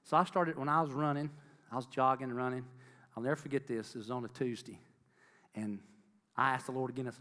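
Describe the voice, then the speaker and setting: A man's voice: mid-range voice, a little fast, long pauses, fairly bright tone, long reverb tail. A middle-aged man giving an earnest testimony sermon to a congregation, repeating phrases for emphasis and calling out to the crowd. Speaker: lay preacher.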